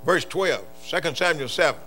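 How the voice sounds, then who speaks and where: An older man preaching a sermon, moving from quiet murmured storytelling to loud, impassioned shouts. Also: a little high, normal speed, faint music behind. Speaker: pastor.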